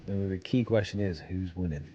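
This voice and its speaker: A man's voice: sits low, brisk, dark tone, highs cut off, a little hiss or hum. A man streaming a game, chatting casually and answering his chat while he plays.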